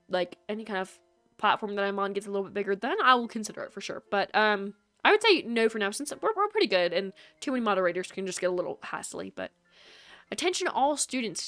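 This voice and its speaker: A woman game streamer with a slightly high, somewhat bright voice chats casually on a live stream from her small bedroom, rambling and poking fun at herself. She uses a streaming mic setup, and there's no room sound.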